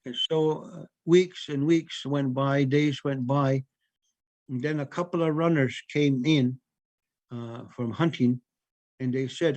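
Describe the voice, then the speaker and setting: A man's voice: medium pitch, steady tone, darkish tone, dry recording, lo-fi sound. Man telling a traditional story, dry close mic. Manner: unhurried, repeats words for emphasis, with pauses and fillers.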